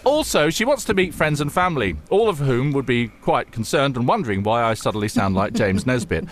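A man hosting an advice podcast, reading out listener letters in a wry, brisk manner. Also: medium pitch, very animated, slight background noise.

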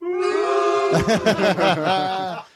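A man's voice: high-pitched, big pitch swings, drawn-out words, heavy background noise. A man hosting a comedy podcast, rambling casually with frequent fillers and laughter. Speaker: podcast host.

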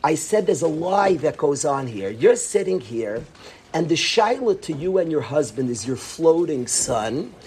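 A young man in his twenties gives a storytelling talk to a room of students. His voice runs somewhat high and swoops a great deal, and he acts out every quoted exchange. A faint hiss of noise sits behind him. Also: measured pace. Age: 20s. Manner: animated, acts out whispers and quotes. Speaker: yeshiva educator.

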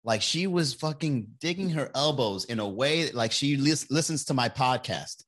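A man's voice: mid-range voice, animated, normal speed, fairly bright tone. A man hosting a podcast, telling a rambling, crude story in a casual monologue, laughing often and acting out other people's lines. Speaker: podcast host.

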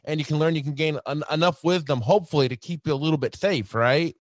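A man appearing as a podcast guest, talking in an animated casual way, laughing often and tagging sentences with "right" and "you know". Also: a little high, fast talker, no room sound, studio quality. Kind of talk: casual chat.

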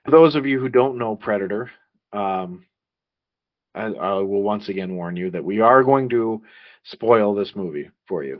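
Brief: thirties male podcast host, easygoing and rambling, slightly dull audio. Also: fairly low pitch. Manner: rambling, laughs often, restarts a lot. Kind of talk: casual podcast chat.

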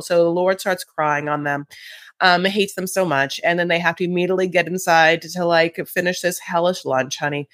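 A man's voice: high-pitched, fairly bright tone, no room sound, clean studio sound. A man co-hosting a podcast, recapping reality TV in a campy, sassy, gossipy way. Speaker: podcast co-host. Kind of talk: casual reality TV recap chat.

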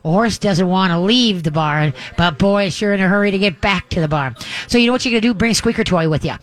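A man's voice: sits high, fast talker. A man hosting a live call-in radio show from a remote event, giving dog training advice in a rambling, folksy way with many restarts.

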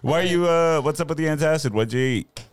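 A man's voice: a little high, quick pace, clear, resonant tone, no echo. A man hosting a comedy podcast in casual chat, teasing his guests and laughing often. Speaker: podcast host.

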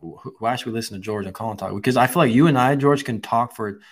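A man's voice: medium pitch, quick pace. A man hosting a podcast in casual conversation, chiming in enthusiastically. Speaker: podcast host.

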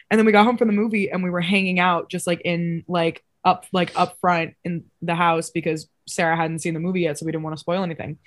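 A young woman co-hosting a casual podcast over a video call, telling a rambling, animated story. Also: on the low side, fast talker, few pauses. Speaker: podcast co-host. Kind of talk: casual chat.

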